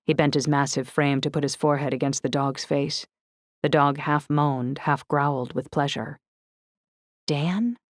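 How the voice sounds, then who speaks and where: A woman narrating an audiobook in the first person, steady and descriptive. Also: deep voice, moderate pace, no room sound, studio quality.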